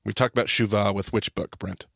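A man's voice: on the low side, fairly even intonation, fairly quick, gravelly, fairly bright tone, no echo, clean studio sound. A man hosting a podcast, explaining things in a casual teaching style, emphatic and often correcting himself mid-sentence.

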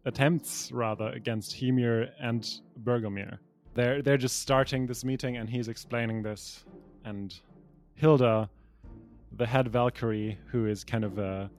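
A man's voice: mid-range voice, darkish tone. A young adult man as game master, reading pre-written narration for a tabletop game with small slips and restarts.

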